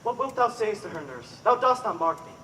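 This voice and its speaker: A man's voice: high-pitched, big pitch swings, fairly quick, bright, forceful tone, far from the mic, a little hiss or hum, heavily acted, poor audio. A man acting the part of an earnest young man in love in a live Shakespeare performance. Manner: earnest, declamatory. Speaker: stage actor.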